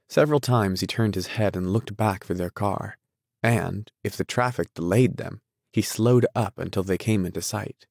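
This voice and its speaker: A man narrating an audiobook in a measured, unhurried reading. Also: lowish voice, creaky, a little mellow, no echo, studio quality.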